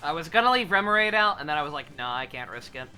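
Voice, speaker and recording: A woman's voice: deep voice, lively intonation, fast, pushed and bright, clean tone, faint music behind. A woman streaming a game live, chatting casually in a rambling, profane way with lots of fillers. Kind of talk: casual live gameplay commentary.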